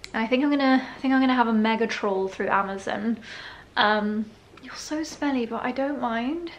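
A woman chatting in a casual, bubbly home vlog, with playful asides. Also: a little high. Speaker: lifestyle vlogger. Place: home indoors.

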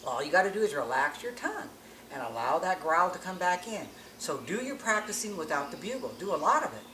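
A man's voice: sits high, very animated, fairly quick. Plain-spoken man teaching elk calls, echoey. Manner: plain-spoken, restarts phrases while explaining. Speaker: elk calling instructor. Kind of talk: hunting-call tutorial. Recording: echoey with faint ambient noise.

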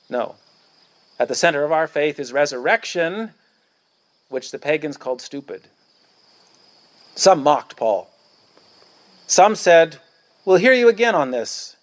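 A male pastor preaching a sermon outdoors at a church picnic, emphatic and declamatory, hammering points through repetition. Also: on the high side.

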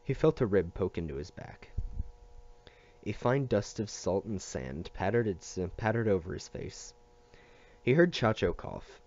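A man reading a novel aloud, steady with the odd slip and restart. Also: on the low side, measured pace, highs cut off. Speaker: reader.

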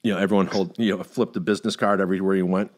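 Speaking rapid-fire in a low voice, a middle-aged man hosts a laid-back podcast chat. He spins a long, animated story full of swearing, performing other people's quotes along the way.

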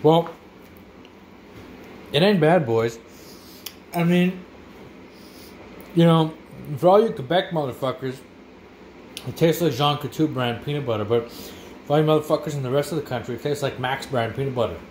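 A man's voice: a little high, moderate pace, pauses often, a little mellow. A man, casually reviewing food in a vlog with crude, profane, rowdy banter. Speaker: vlogger. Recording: faint background noise.

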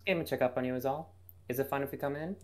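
A man voicing a calm, condescending Siamese cat woman in a fan reading of a visual novel. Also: fairly low pitch, a little fast, lightly acted. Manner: teasing, smug, sarcastic.

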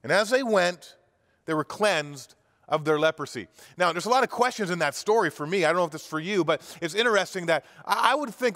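A man's voice: high-pitched, expressive, fairly quick, fairly bright tone, big-room sound. A pastor telling a sermon story vividly, acting out the characters' cries and often restarting his words. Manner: vivid retelling with acted-out cries and frequent restarts. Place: church.

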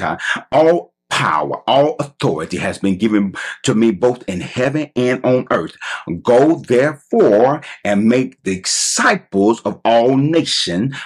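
A man preaching a sermon as pastor, stretching out emphatic phrases with a husky voice. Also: mid-range voice.

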